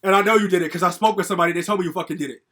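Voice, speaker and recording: A young man rants through a personal story, quick and fired up. His voice sits high for a man, and he swears freely and fills his talk with likes and ums. It is casual storytime talk aimed straight at his viewers. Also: fairly bright tone. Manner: angry, profane, ranting with many fillers. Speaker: vlogger telling a story.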